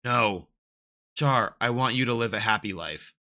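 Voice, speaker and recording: A man reading as a soft-spoken, grieving mother. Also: medium pitch, measured pace. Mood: sorrowful. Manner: soft and apologetic. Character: gentle self-sacrificing young mother.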